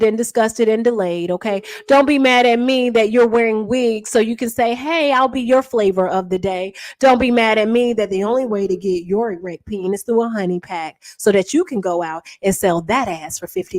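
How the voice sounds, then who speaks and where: A woman delivering a sassy, mocking roast, taunting with repeated refrains and drawn-out emphasis. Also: fairly high pitch, a little mellow, dry recording. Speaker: online commentator.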